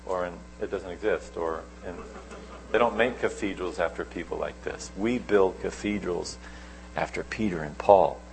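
A middle-aged man preaching a sermon, telling stories with sudden swings between loud and soft. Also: low voice, normal speed, vocal fry, a little hiss or hum, low-quality recording.

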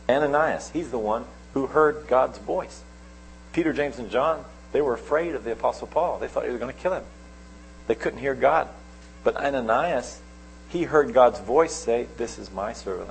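A middle-aged man preaching a sermon, telling stories with sudden swings between loud and soft. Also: fairly low pitch, gravelly, a little hiss or hum, rough recording.

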